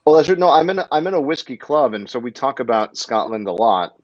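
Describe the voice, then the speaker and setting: A man's voice: mid-range voice, expressive, fast, darkish tone, no room sound. A man hosting a casual livestream interview, chatty and jokey, often breaking off mid-sentence. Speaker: livestream host. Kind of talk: casual live interview chat. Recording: dull lo-fi livestream audio.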